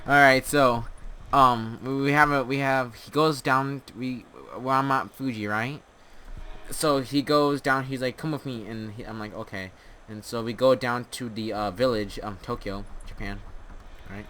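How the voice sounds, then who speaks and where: Young man, casual rambling storyteller, bright tone, home headset mic with faint noise. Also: mid-range voice, fairly even intonation. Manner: rambling, halting, many restarts. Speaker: storyteller and gamer.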